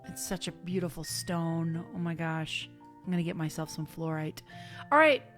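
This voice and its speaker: A woman's voice: low-pitched, fairly even intonation, moderate pace, soft background music. A woman who ministers at a spiritual community, leading a casual online sermon in a chatty, heartfelt way with bursts of fervent urging.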